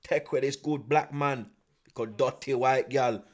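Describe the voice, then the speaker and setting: A man's voice: medium pitch, steady tone, a little slow, close to an everyday voice. Jealous Jamaican woman, scornful drawl, put on by a man.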